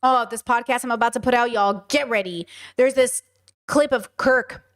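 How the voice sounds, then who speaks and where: A woman's voice: fairly high pitch, moderate pace. A woman hosting a casual reaction podcast, blunt and profane, wandering into rambling asides. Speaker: podcast host reacting to news clips. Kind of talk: casual commentary.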